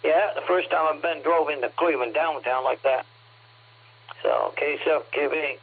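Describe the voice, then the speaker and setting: A man with a slightly high voice comes through a thin, radio-limited channel. He tells a casual story in a meandering, folksy way. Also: normal speed, slightly rough. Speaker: ham radio net check-in. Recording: tinny radio transmission.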